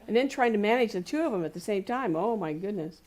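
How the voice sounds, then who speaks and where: A woman's voice: medium pitch, expressive, fast. Woman giving a chatty, anecdotal sermon. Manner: warm anecdotal storytelling with laughs and playful quoted voices. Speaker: speaker at a spiritual community service. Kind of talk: conversational sermon. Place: community center hall.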